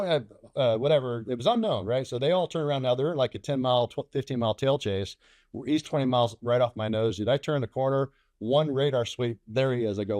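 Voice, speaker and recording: A man's voice: darkish tone, no room sound. A middle-aged man, a former fighter pilot, telling a combat story in an interview and acting out the radio calls and dialogue. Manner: acts out radio calls and dialogue, rising sharply in pitch. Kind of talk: animated war storytelling.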